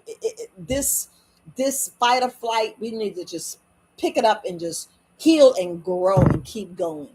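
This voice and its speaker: A woman hosting a casual motivational talk. She rambles in an animated way and acts out little quoted voices as she goes. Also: a little high, a little slow, slight background noise, low-quality recording. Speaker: motivational podcast host.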